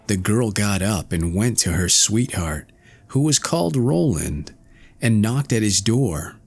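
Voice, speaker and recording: A man reads a fairy tale aloud, slow and expressive, his low voice swinging widely in pitch. There is a gravelly grain to his delivery, and soft music plays faintly behind him. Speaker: audiobook narrator. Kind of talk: storybook fairy tale narration.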